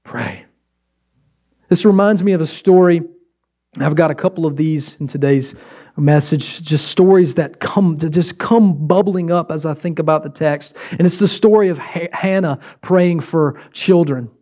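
A man's voice: on the high side, moderate pace, warm tone. A pastor preaching a sermon, exhorting with repeated emphatic phrases and shifting his pace for effect.

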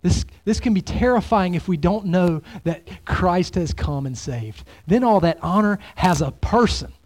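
A man preaching a sermon as pastor, swinging between loud exclamations and hushed, near-whispered lines. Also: sits high, animated, measured pace.

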